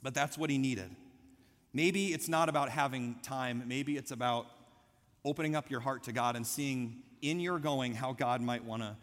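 Middle-aged guy pastor preaching, bright punchy voice, storytelling, long echo in a big hall. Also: medium pitch, normal speed. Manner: storytelling, lively and conversational. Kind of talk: sermon.

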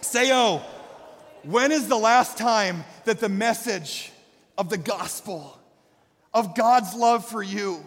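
A male pastor preaching a sermon with passion, swinging from quiet reflection to shouted calls to the congregation. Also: high voice, slow pace. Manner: impassioned, rising to shouts, calling out to the congregation. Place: church sanctuary. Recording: long hall reverb.

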